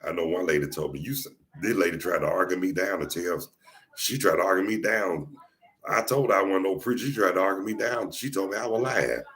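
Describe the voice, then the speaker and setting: A man with a deep voice and a Southern US accent, hosting a casual podcast chat and telling jokey stories, often restarting his phrases. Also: a little fast, a bit bright. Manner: joking storyteller, repeats and restarts phrases. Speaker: podcast host.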